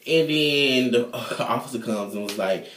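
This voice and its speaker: A man casually recapping a TV episode in an animated, slangy, profane way. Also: medium pitch, measured pace. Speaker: TV show reviewer. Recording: echoey room.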